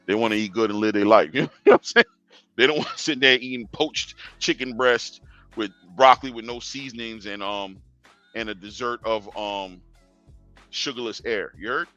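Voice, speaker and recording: Slangy man with a bright voice. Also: lowish voice, moderate pace, lo-fi sound, faint music behind. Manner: slangy, talks straight to fighters, chuckling asides. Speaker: boxing show host. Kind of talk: casual live-stream talk.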